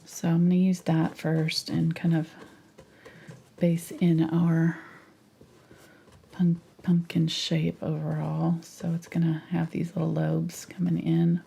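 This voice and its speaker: A woman leads a live painting lesson with a gravelly edge and a fairly low, mellow voice. She talks her thoughts through as she paints and slips into hushed, near-whispered asides. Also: completely flat delivery, slow. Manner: thinks aloud while painting, chatty with fillers. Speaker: painting instructor.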